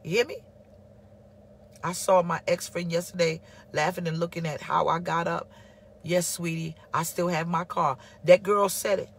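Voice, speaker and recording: A woman's voice: on the low side, fairly even intonation, moderate pace, slightly rough. A woman pastor preaching a livestreamed sermon, fervent and emphatic, acting out the voices of people in her stories.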